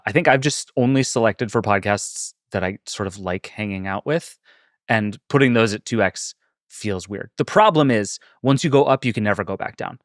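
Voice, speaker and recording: A man hosting a tech podcast, chatting casually and telling quick, animated stories. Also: lowish voice, no room sound, clean studio sound. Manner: quick-talking, animated storyteller. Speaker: podcast host. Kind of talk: casual chat.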